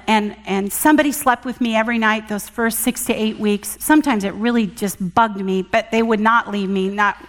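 A middle-aged woman giving a sermon with personal testimony, earnest and emphatic, moving from loud emphasis to hushed tones. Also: a little high, long reverb tail. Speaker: guest speaker at church session. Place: church hall.

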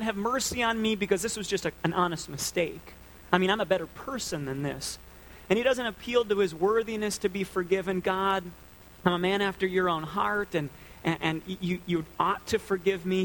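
A man's voice: high voice, gravelly, fairly bright tone, a little hiss or hum, rough recording. A man preaching a sermon as a pastor, earnest and conversational.

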